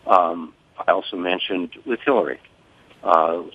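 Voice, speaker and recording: An older man speaking in a measured, formal way as a guest on a phone interview. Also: low-pitched, slightly rough, no room sound. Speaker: guest, father of a fallen soldier. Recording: tinny phone line.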